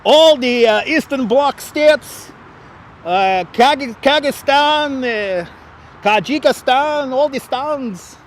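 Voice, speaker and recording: Comic bit: man doing a high, boastful mock-Russian guy, drawn-out and hammy, clip-on mic while walking outdoors. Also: a little hiss or hum. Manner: hammy, exaggerated, drawn-out words. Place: outdoors on a hot city street, walking. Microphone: wireless clip-on mic.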